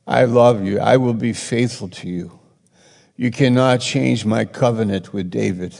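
A man preaching a sermon and teaching from the Bible, rambling and correcting himself as he retells stories with rising excitement. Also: fairly low pitch, unhurried, gravelly. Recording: long hall reverb.

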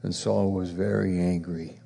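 A man preaches in a slow, measured rhythm, circling back on the same phrases and pressing his listeners with pointed questions. His voice has a gravelly edge, and a long reverb trails each line. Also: low voice, little pitch movement, warm tone. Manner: repetitive, emphatic preaching that swells into rhetorical challenges. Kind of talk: sermon.

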